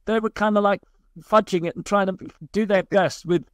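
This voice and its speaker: A man's voice: sits high, fairly even intonation, moderate pace, dry recording, studio quality. A man, a guest scientist, explaining ideas in long, reassuring, flowing sentences. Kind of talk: explanatory podcast interview.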